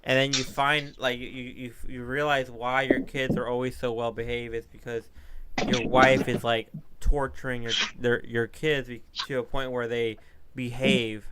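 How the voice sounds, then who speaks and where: A man hosting a podcast, casually spinning long hypothetical scenarios in a halting way. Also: medium pitch, little pitch movement, very noisy. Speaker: podcast host. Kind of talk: casual chat.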